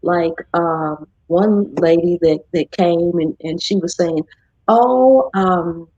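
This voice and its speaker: Woman host, husky and low, chatty live-stream talker, dull dry audio. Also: takes it slowly, no room sound. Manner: chatty, animated when quoting others. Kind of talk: casual chat.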